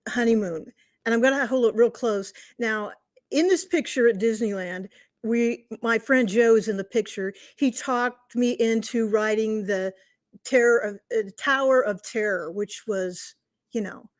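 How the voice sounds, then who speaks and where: A middle-aged woman hosting a live stream, telling a personal story in a chatty, animated way and acting out what people said. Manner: chatty, animated, acts out quotes in high wailing voices. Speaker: host.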